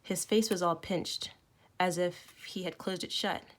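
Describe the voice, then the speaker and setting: A woman teacher reading a novel aloud to her students, expressive, with small self-corrections. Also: on the low side, unhurried. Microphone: recorded at home for online learning.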